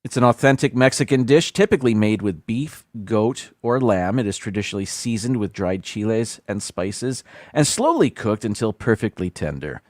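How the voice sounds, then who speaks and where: Man, casual livestream host, animated pitch, halting reading, self-deprecating asides, dry sound. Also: no echo. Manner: reads haltingly, stumbles over foreign words, self-deprecating asides.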